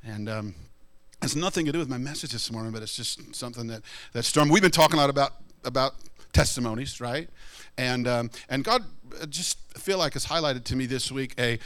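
A man preaching a sermon in a conversational, animated way, often acting out what people say. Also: brisk. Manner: conversational, animated, acts out quoted people in high voices. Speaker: pastor.

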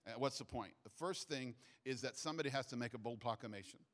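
A man's voice: medium pitch, fast, fairly bright tone. A middle-aged pastor preaching a sermon in a conversational way, often restarting his phrases.

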